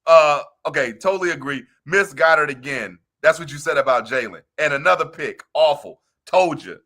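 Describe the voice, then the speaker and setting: A man talking football in a loose postgame podcast chat. His voice sits a bit high and rings bright and sharp. He tells stories with a laugh and bursts into other people's lines as he reenacts them. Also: moderate pace. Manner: animated, laughing storyteller who acts out text exchanges. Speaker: sports podcast co-host. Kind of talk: casual postgame sports chat.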